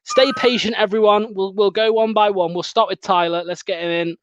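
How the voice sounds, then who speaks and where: A chatty man with a fairly high voice hosts a fan show over a call. His talk is quick and upbeat, broken up by laughter. The audio is dull, lo-fi and dry, with no room sound. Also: steady tone, no room sound. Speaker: fan channel host. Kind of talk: casual live-stream chat.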